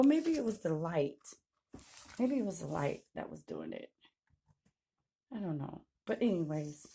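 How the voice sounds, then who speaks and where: A woman, a YouTuber and self-published author, chatting through an excited unboxing vlog on her phone camera and gushing often. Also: medium pitch, breathy edge. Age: adult with a daughter. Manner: gushing and excitable, repeats "oh my gosh". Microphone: phone camera held by hand.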